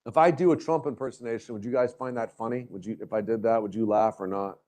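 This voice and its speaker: A man's voice: on the low side, steady tone, fast, a little mellow. A male university lecturer giving a classroom lecture, tossing out rhetorical questions and light joking asides to his students. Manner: checks in with frequent rhetorical questions.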